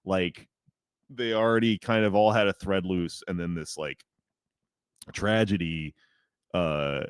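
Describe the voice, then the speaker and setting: A man's voice: low-pitched, fairly even intonation, takes it slowly, smooth, no echo. A man co-hosting a podcast, rambling loosely through a movie recap with lots of fillers and restarts. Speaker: podcast co-host. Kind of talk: casual chat.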